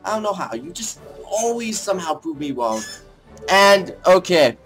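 A young man casually commenting on a strategy game as he plays, thinking aloud, rambling and breaking into excited outbursts, with faint music behind him. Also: sits high, normal speed. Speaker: let's play gamer.

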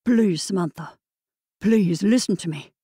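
A woman's voice: medium pitch, unhurried, dark tone, husky, dry recording, clean studio sound. A woman narrator voicing a lovesick man with a Scottish accent, pleading earnestly.

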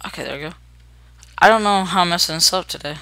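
A young adult gaming host giving chatty, upbeat commentary while playing, narrating each move out loud. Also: mid-range voice, quick pace, no echo. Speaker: gameplay video host. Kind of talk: casual let's-play commentary.

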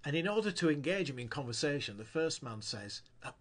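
A male preacher delivering a church sermon with a lively, swinging pitch. His voice has a slight husky edge, and he tells stories and acts out the quoted lines. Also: a little fast. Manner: storytelling, acting out quoted lines with rising pitch.

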